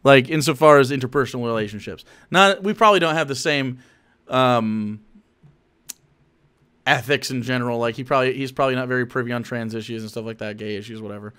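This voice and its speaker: A man streaming live, commenting on political clips in profane, animated rants that keep cutting in. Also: mid-range voice, brisk, clear, resonant tone.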